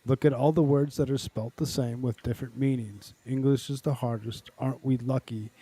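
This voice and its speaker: Man, middle pitch, teasing, jokey, voice call mic. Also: steady tone, moderate pace, warm tone, husky, no room sound. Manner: joking, teasing. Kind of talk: casual group chat.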